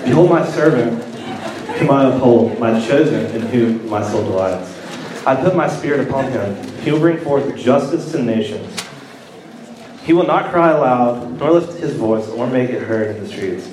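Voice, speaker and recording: A man reading scripture aloud in a measured, steady way. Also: medium pitch, noisy background. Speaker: scripture reader. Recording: echoey room, far from the mic.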